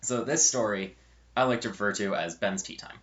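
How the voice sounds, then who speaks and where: A man's voice: lowish voice, normal speed, a bit bright, dull audio. Chatty young man telling a story. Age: young adult. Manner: chatty and rambling, with self-correcting asides. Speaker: storyteller and channel host. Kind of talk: casual storytelling vlog.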